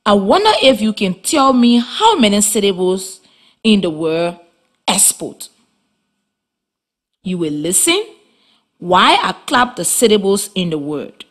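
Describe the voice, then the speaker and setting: A woman teaching a children's reading lesson on radio in a slow, clear, instructive way. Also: medium pitch, sing-song. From Liberia.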